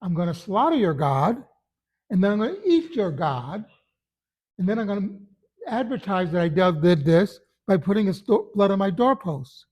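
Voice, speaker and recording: A man's voice: high-pitched, sing-song, normal speed, a little mellow, dull audio. A man voicing a defiant freed Hebrew slave who boldly taunts his former master. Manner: taunting, bold.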